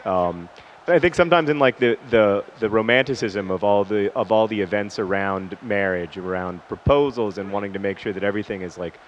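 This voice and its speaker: Hosting a gaming video, a man with a fairly low voice speaks briskly. His casual, rambling personal story keeps getting cut off mid-sentence by remarks about the match, and the recording is dull and lo-fi with a faint hiss.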